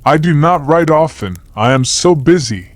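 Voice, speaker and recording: A man doing a mischievous little schoolboy, lifted to a boyish height and chattering on, his bright cheeky patter dry and close with no room around it, the way an audiobook reader puts on a child. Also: fairly high pitch, animated, moderate pace, dry recording, pitched above the performer's own voice, lightly acted. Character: cheeky young schoolboy reading his letter. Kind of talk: audiobook character voice.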